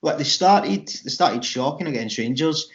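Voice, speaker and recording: A man's voice: on the high side, expressive, moderate pace. Scottish man chatting on a lo-fi podcast. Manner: chatty, rambling with restarts. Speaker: podcast co-host. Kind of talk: casual chat. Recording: dull lo-fi sound.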